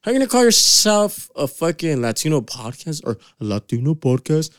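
Brief: young man co-hosting a podcast, lively swinging pitch, crude joking banter, dry close mic. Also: fairly quick, smooth, no echo. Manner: animated, joking, swears a lot, breaks into laughs. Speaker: podcast co-host.

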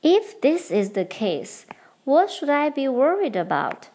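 A young woman hosts a bilingual Chinese lesson, explaining grammar patterns carefully. Her voice sits fairly high and moves animatedly up and down. She switches easily between English and Mandarin and slows down on the example phrases. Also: very animated, warm tone. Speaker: podcast host and Chinese teacher.

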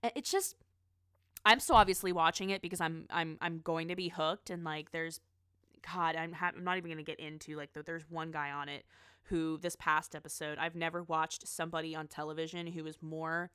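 A woman's voice: sits low, steady tone, fairly quick, a bit bright, clean tone, dry recording, studio quality. A woman in casual chat, rambling about pop culture with frequent restarts and asides.

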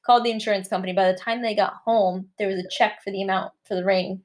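A woman co-hosting a chatty podcast, delivering stories in a blunt, matter-of-fact way. Her voice is middle-pitched and her tone is dry. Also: steady tone, quick pace. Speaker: podcast co-host. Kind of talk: casual chat.

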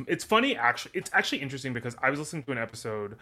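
A man's voice: mid-range voice, sing-song, rapid-fire, bright, forceful tone. A man co-hosting a podcast, chatting casually and joking, with lots of fillers like "like" and "um". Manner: rambling, filler-heavy, joking. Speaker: podcast co-host. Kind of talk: casual chat.

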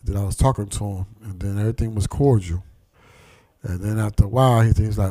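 Man: dark-voiced streetwise storyteller. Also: on the low side, fast, no room sound. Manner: streetwise, profane, animated storytelling, acting out quoted voices. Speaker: podcast host. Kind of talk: casual conversation, storytelling.

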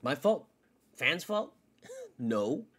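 A man's voice: sing-song, drawn-out words, slightly rough. Profane ranting man hosting a sports podcast. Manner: profane, ranting, swings between loud outbursts and low mutters. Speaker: podcast host. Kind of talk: solo sports rant.

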